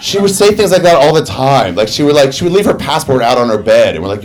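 A young adult man doing a crude, sarcastic and energetic stand-up story. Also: mid-range voice, fast talker, few pauses. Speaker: stand-up comedian.

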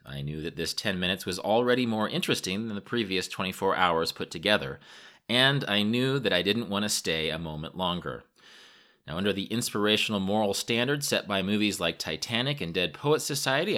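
Low-voiced guy reading his travel memoir, dry jokey tone, bouncy delivery. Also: bright, forceful tone. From United States. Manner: wry, self-mocking storytelling. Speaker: narrator. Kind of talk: scripted travel-memoir narration.

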